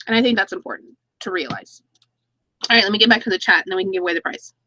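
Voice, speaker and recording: A woman's voice: mid-range voice, very fast, sharp tone, rough recording. A woman in her thirties hosting a casual live-stream chat, reading viewer comments aloud and laughing between stories. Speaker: YouTube channel host.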